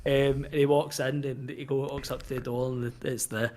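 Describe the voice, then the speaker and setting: A man's voice: medium pitch, level tone, moderate pace, a little mellow. A Scottish man co-hosting a podcast, animatedly retelling film scenes in casual chat and swearing freely. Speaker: podcast co-host.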